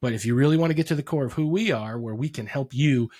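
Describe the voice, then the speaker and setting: A man co-hosting a podcast in an easygoing back-and-forth. He talks in an animated way, restarting sentences and adding quick asides. His voice sits at a medium pitch. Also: husky. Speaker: podcast co-host. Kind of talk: casual podcast chat.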